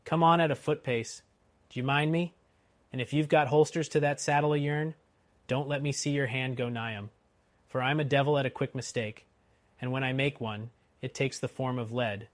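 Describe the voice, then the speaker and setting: A man doing a gruff, bellowing coach guard. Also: medium pitch, fairly even intonation, moderate pace, dry recording, lightly acted. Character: gruff, watchful old-time coach guard.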